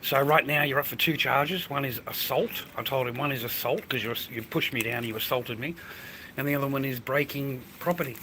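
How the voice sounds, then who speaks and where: A man's voice: medium pitch, a little fast, noisy background. A man, rambling and swearing casually while vlogging outdoors by a food stall on a phone camera. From Australia. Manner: rambling, profane, blokey. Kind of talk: casual street vlog.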